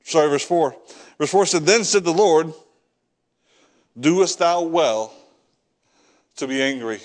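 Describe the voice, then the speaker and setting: A man's voice: on the high side, slow. A man preaching a sermon, reading scripture and acting out the prophet's prayers, repeating words as he builds each point. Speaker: pastor.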